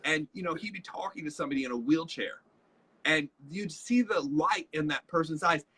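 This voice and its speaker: Man, co-host, casual live teaching, bright forceful tone, husky, storytelling. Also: on the high side, moderate pace. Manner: animated storytelling with quoted voices. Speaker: co-host, leadership trainer.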